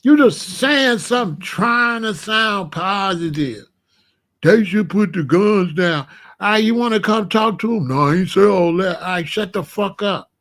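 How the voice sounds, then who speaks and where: A man with a fairly high-pitched voice talks straight to the camera. He is blunt and profane. He often sinks into low, quiet tones as he tells tense street stories. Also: expressive, normal speed, hardly any pauses. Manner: drops to low, quiet tones when recounting danger. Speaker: commentary channel host. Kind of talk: casual monologue.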